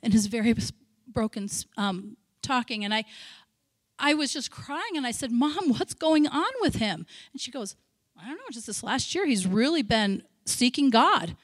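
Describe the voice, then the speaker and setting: A woman missionary giving a sermon, telling stories with feeling, breaking into shouted praise and chatty asides. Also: a little high, expressive, moderate pace, no room sound, clean studio sound. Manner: emotional storytelling, bursts into loud shouted praise; chatty, self-interrupting asides. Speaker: missionary speaker.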